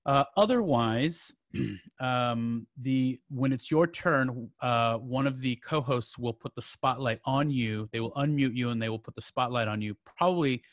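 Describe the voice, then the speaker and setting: A man's voice: medium pitch, a little slow, no room sound. A man hosting a poetry open mic over a video call, chatty and joking, with many fillers and restarts.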